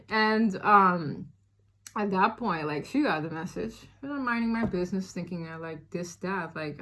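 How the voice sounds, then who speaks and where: A woman casually telling a personal story to her viewers, chatty and animated, with many fillers. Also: medium pitch, moderate pace.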